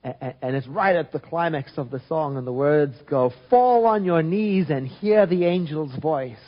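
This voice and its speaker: A man giving an informal spiritual talk, reflective and gentle, often restarting and trailing off softly. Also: mid-range voice, slightly rough, lo-fi sound. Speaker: spiritual teacher.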